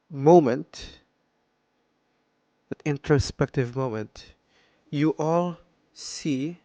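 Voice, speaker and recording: A man's voice: mid-range voice, smooth, dry recording. A man narrating as game master, easygoing, with lots of fillers. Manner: unhurried, with fillers.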